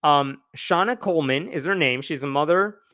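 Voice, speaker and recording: A man hosting a live news roundup, retelling a story with wry, animated commentary and quick acted-out quotes. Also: fairly high pitch, no room sound, clean studio sound. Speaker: news show host.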